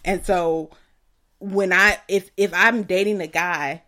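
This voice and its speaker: A woman's voice: lowish voice, steady tone, takes it slowly, sharp tone. A woman in ministry co-hosting a podcast, speaking emphatically in casual chat and checking in with "you know what I'm saying".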